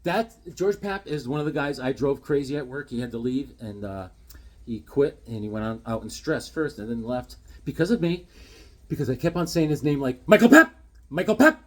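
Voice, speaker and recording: A man in his fifties shows off his comic books in a casual, joking vlog, acting out voices with sudden loud outbursts. He speaks at a medium pitch and normal speed.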